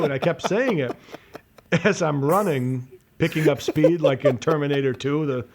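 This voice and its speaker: A man's voice: fairly high pitch, normal speed. A man co-hosting a podcast, telling a rambling, profane story in casual chat and laughing at himself. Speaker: podcast co-host.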